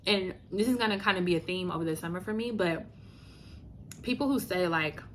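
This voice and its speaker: A woman from Louisiana chatting casually to viewers as she reviews books on her channel, animated and talking straight to the camera. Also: fairly low pitch, a little fast, a little hiss or hum. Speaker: book vlogger. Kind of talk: casual book review chat.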